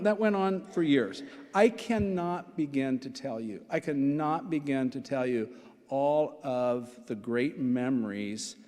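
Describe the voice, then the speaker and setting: Preaching unhurriedly from a church sanctuary, a sixty-something Nebraska pastor weaves stories with asides and keeps returning to key phrases. Long hall reverb rings around his darkish, mid-range voice.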